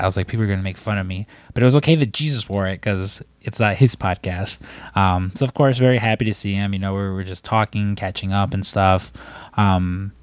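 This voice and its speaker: A man's voice: lowish voice, no room sound. A man on a podcast telling a long, rambling story in casual chat, swearing and acting out what people said. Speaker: podcast co-host.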